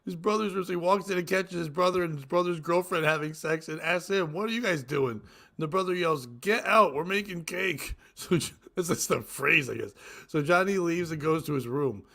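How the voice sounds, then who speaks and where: A man with a brisk, gravelly, fairly bright voice co-hosts a casual comedy podcast, reading crude jokes aloud and acting out characters in exaggerated voices. He laughs constantly, his laughter squealing into high-pitched shrieks.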